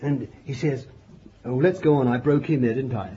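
An older man preaching a fervent sermon, swinging from loud declarations to low murmured asides and breaking in with praise. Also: normal speed, a little hiss or hum. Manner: exclaims hallelujah and glory between points. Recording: dull lo-fi archive recording.

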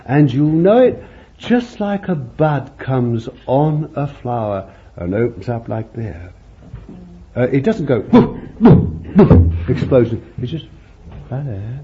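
Male preacher with a folksy, conversational sermon delivery and an animated pitch, on a muffled lo-fi recording. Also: unhurried, pauses often. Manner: folksy, conversational preaching with many "you see" asides. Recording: muffled lo-fi recording with faint hiss.

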